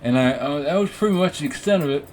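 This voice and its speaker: A man's voice: fairly high pitch, expressive, fast, a little mellow, slight background noise. Rambling, profane young man telling a story. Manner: rambling, profane, self-mocking, with frequent restarts and fillers. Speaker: podcast host. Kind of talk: casual storytelling monologue. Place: room with warm orange lighting.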